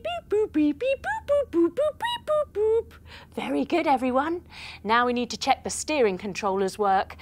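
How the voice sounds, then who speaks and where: A young woman leading a storytelling yoga class for children, playful and encouraging, with gasps and sound effects. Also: on the high side. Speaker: kids yoga teacher.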